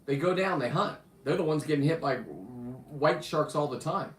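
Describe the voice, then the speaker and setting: Slightly high and expressive, this man's voice moves at a moderate pace in an echoey room. As a show host he brags through brash, profane diving stories told casually, his volume swinging from loud bursts down to mutters.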